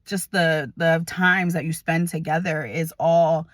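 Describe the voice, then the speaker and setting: A woman's voice: sits low, steady tone, measured pace. A woman in her thirties from New Jersey telling a personal story in a chatty way, full of fillers, acting out the people she quotes. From New Jersey, USA. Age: 30s. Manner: chatty, many fillers, acts out quoted voices.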